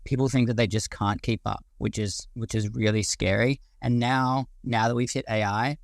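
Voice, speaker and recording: A man's voice: mid-range voice, fairly even intonation, moderate pace, vocal fry, no echo. Aussie guy in his 40s going on a passionate rambly rant, swears a bit, dry sound. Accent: Australian. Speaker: guest speaker. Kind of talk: casual live audio-room discussion.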